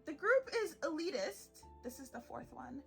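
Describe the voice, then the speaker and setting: A young woman talks solo on her podcast in a high, bright voice. She is animated and sarcastic, laughs often and mocks in put-on tones. Faint music plays underneath. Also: moderate pace, vocal fry. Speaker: podcast host.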